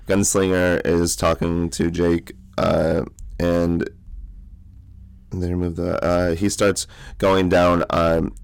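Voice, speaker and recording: A man's voice: low-pitched, flat delivery, takes it slowly, gravelly, smooth. A young man in casual podcast talk, rambling through a book recap with lots of fillers. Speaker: podcast co-host.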